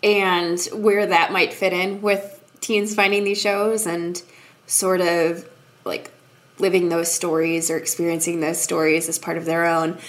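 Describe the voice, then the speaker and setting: A woman's voice: on the low side, little pitch movement, measured pace. A woman co-hosting a casual book podcast, telling self-deprecating stories with frequent laughter and lots of "like.". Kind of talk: casual chat, storytelling.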